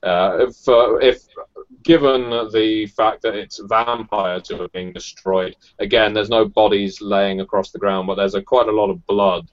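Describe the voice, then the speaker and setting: A man narrating as game master in a tabletop role-playing game, measured and hesitant with fillers. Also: fairly low pitch, fairly even intonation, muffled recording.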